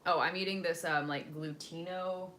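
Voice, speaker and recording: A woman's voice: on the low side, steady tone, normal speed, a bit bright, a little hiss or hum. A young woman from the United States chatting casually with her live viewers, rambling with lots of fillers and wandering off topic. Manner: rambling, many fillers, drifts between topics and languages. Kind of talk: casual chat.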